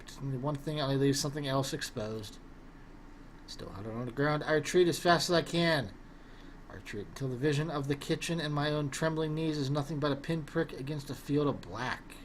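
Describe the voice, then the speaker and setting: A man voicing a troubled young male wizard who recalls his father's abuse in a quiet, halting way. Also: a little high, slight background noise, close to an everyday voice. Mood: haunted.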